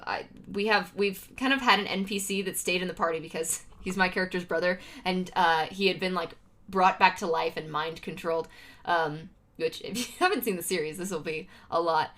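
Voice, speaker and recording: A young woman from Utah streams and chats casually, speaking a little fast in a fairly low, fairly bright voice. She rambles with many fillers and restarts, breaking into laughter frequently.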